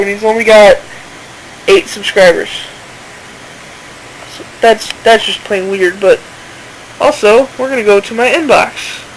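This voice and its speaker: A woman's voice: medium pitch, fairly bright tone, a little hiss or hum, low-quality recording. A woman talking in a middle-range voice over a screen recording. She is casual and indignant as she walks through the evidence and reads messages aloud. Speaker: channel owner exposing a seller.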